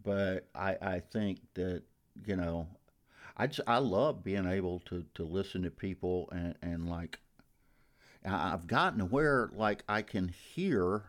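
A man's voice: deep voice, unhurried. A middle-aged man from the North Georgia mountains with a Southern Appalachian accent, chatting as a radio guest and rambling with many restarts. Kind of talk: casual interview.

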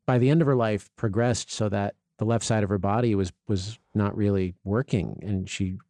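A man's voice: fairly low pitch, fairly even intonation, moderate pace, warm tone, no echo. A man hosting an interview, asking curious, casual questions with fillers. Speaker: interview host. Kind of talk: conversational interview.

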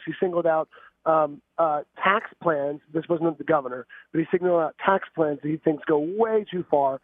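A man with a raspier-than-usual voice reporting on politics for a radio talk show, brisk and informed. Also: a little high, dry recording. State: raspy voice. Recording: tinny phone line.

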